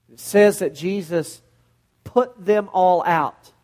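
A middle-aged man preaching a sermon as pastor, telling a Bible story with animated storytelling and acting out the scenes in voices. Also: sits high, takes it slowly.

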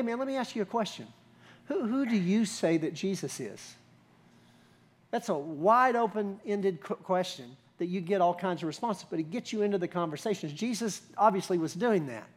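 Pastor, male, higher-pitched voice; conversational sermon, rhetorical questions, builds to emphasis.

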